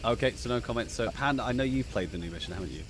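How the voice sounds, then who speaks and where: A man's voice: medium pitch, expressive, very fast, background noise. A man hosting a live gaming chat stream, chatty and effusive, often laughing.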